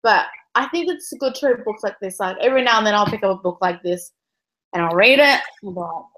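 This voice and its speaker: A woman's voice: high voice, big pitch swings, fairly quick, pushed and bright, poor audio. A woman co-hosting a casual book discussion over a video call, emotional and close to tears, rambling with lots of "like". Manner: emotional, tearful, rambling with many likes. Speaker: book club co-host.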